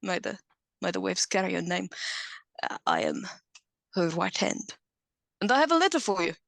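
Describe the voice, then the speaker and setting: A woman voicing a brash male hobgoblin pirate first mate, out of breath and swearing in his excitement. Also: fairly low pitch, normal speed, gravelly, no room sound, heavily acted. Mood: excited.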